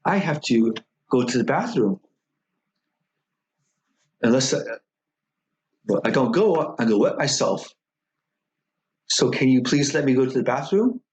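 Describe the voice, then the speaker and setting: A man voicing a frightened young boy monk who pleads in a panicky, higher voice. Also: lively intonation, slow pace. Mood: panicked.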